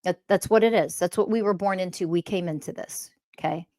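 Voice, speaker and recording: A woman's voice: fairly low pitch, a little fast, a little mellow. A woman speaking as a spiritual teacher in a blunt, scolding monologue, swearing often. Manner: mocks others in quoted voices.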